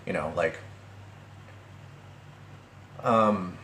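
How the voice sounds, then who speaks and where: A young man recounts a breakup in a casual vlog, his low voice hesitant and full of fillers and restarts. The recording picks up a roomy echo off the walls and a faint hum of ambient noise. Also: drawn-out words, vocal fry, fairly bright tone. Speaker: vlogger.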